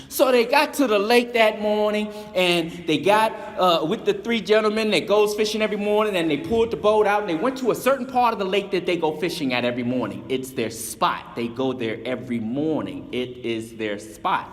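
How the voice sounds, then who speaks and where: A man telling a motivational story with a high, lively voice that swoops up and down. He talks in a dramatic, repetitive way, and a long reverb trails each line. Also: fairly quick, few pauses.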